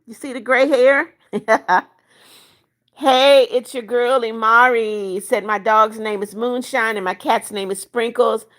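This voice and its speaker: A woman's voice: a little high, a bit bright. A woman of seventy-one hosting a livestream, reading out viewers' chat comments and answering each by name in a chatty way. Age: 70s. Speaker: livestream host.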